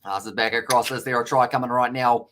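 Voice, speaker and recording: A man with a New Zealand accent giving steady amateur play-by-play on a live rugby game, stumbling now and then over player names. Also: mid-range voice, a little fast, slight background noise. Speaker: live reaction commentator.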